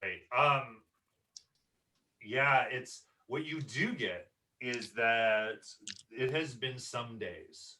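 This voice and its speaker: Guy gm for a tabletop game, slow and halting, lots of ums, mic a bit far off. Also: mid-range voice, sharp tone. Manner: halting, many ums and repeated words. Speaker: game master.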